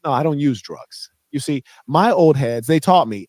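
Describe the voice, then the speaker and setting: A man's voice: on the high side, expressive, normal speed, hardly any pauses, darkish tone, no room sound. A man in a clipped monologue, boastful and condescending toward commenters. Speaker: online personality in a clipped video.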